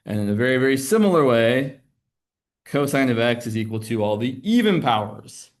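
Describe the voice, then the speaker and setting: A male math teacher lecturing a class in a relaxed, conversational way, explaining step by step as he writes on the board. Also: medium pitch, normal speed.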